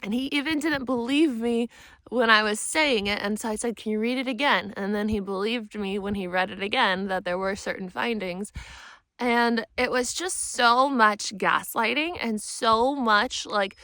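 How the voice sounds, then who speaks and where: Vrouwelijke vlogger, helder en wat hoog stemgeluid, geanimeerd en gefrustreerd vertellend, vloekt vrij. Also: female voice, a little high, measured pace, no room sound. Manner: animated, frustrated, swears freely. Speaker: vlogger, spiritual mentor. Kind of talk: emotional personal storytelling.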